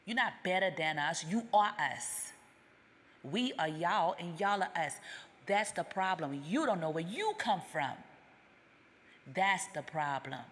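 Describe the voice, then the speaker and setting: A woman's voice: on the low side, animated, measured pace, fairly bright tone. An American woman delivering a confrontational, emphatic, profane monologue straight to her viewers. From United States. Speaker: vlogger. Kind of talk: ranting monologue. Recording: long reverb.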